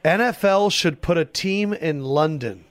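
Casting: male host, deadpan teasing, a bit high, dry sound. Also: measured pace, no echo. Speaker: podcast host. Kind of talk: casual podcast chat.

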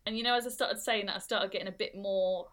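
A woman's voice: mid-range voice, fairly even intonation, fast, a bit bright. A woman in her thirties chats casually as a podcast co-host. She tells a story at length, full of fillers, restarts and asides, in a mid-range voice. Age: 30s. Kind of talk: casual chat.

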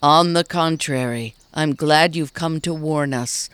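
A woman's voice: low-pitched, a bit bright, clean tone, dry recording. Mayor Poojum, a woman doing a courtly stuffed bear. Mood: grave. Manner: measured, courteous, grave. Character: kindly stuffed bear mayor, male, formal.

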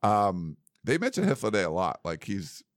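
A man's voice: fairly low pitch, very animated, normal speed, no echo, studio quality. A man co-hosting a podcast in casual chat, rambling and laughing easily. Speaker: podcast co-host.

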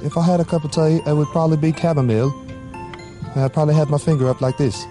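A man's voice: a little high, fairly even intonation, fast, music in the background, natural voice. A man putting on a playful, exaggerated fake British accent as a football player clowning for the camera. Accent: mock British.

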